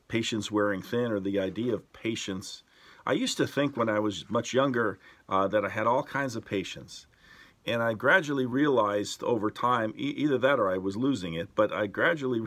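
Low-voiced pastor telling stories. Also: male voice. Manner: calm, unhurried storytelling with many hesitations. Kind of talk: devotional sermon.

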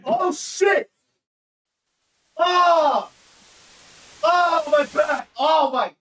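A man putting on a very high shrieking falsetto, yelping slowly in panic. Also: bright, forceful tone, shouting, distant mic, full character voice, poor audio. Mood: panicked. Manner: shrieking, drawn out.

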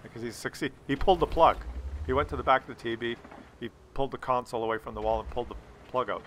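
A man making gaming videos tells a comical family story while he plays, acting out each person with animation. He talks quickly at medium pitch, and heavy background noise runs underneath.

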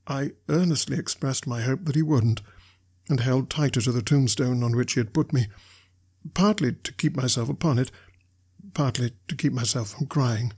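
Man, audiobook narrator, husky, mid-pitched, measured, storytelling. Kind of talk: reading a classic novel aloud.

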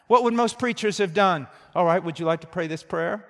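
A man preaching a sermon, telling a story quietly and then rising to loud, fervent shouts. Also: high voice, fairly quick, gravelly, hardly any pauses. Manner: storytelling, swings from hushed to shouting. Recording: reverberant hall.

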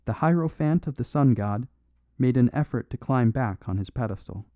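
A man reading a mystery audiobook in an even, measured way. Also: medium pitch, no room sound. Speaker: audiobook narrator. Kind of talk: scripted audiobook narration. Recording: dry phone-like narrow sound.

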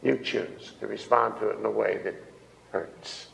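A man's voice: fairly low pitch, fairly even intonation, normal speed, vocal fry, fairly bright tone, a little hiss or hum. A male minister giving a folksy, conversational sermon and asking the congregation questions. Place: church hall. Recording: echoey, reverberant hall.

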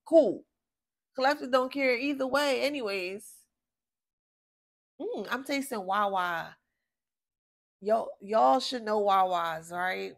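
This woman's voice is slightly bright and sits on the high side. Doing a laid-back tarot reading, the Philadelphia native sounds fed up and swears freely, speaking bluntly and wandering away from the subject.

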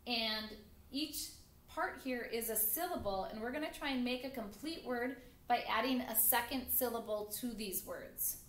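A second grade teacher giving a phonics lesson to young children, speaking slowly and patiently and repeating each word clearly so they can count along. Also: female voice, a little high, fairly bright tone. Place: classroom with a screen. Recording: echoey room with faint background noise.

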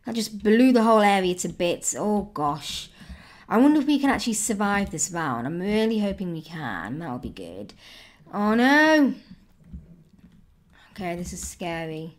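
A woman's voice: mid-range voice, big pitch swings, a little slow. A woman commenting on her own gameplay, exclaiming and squealing at every surprise. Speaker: gaming YouTuber. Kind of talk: excited let's-play commentary.

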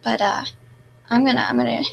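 A young woman answers viewer comments with a deadpan, self-mocking delivery. Her voice sits a little high and carries a gravelly fry. A faint hum runs under the home recording. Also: a little fast, lo-fi sound. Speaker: live streamer. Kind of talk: casual live-stream chat reading comments.

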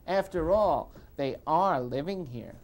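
Someone playing a prim, lively-voiced liberal professor. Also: mid-range voice, takes it slowly, very noisy. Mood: lecturing. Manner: formal, lecturing speeches. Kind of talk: TV comedy sketch.

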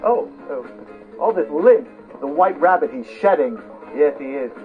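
A man's voice: fairly high pitch, lively intonation, moderate pace, close to an everyday voice. An actor playing the Mad Hatter, a giggly, fussy, scatterbrained man who leads children in a game. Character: giggly eccentric male Mad Hatter hosting games. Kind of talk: theme-park character show with children. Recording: tinny lo-fi recording with faint music.

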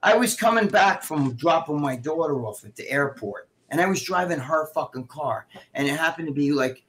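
Profane, animated middle-aged man telling stories. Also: on the high side, normal speed. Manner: profane, animated, acts out quoted dialogue. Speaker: guest co-host. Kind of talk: casual live-stream storytelling.

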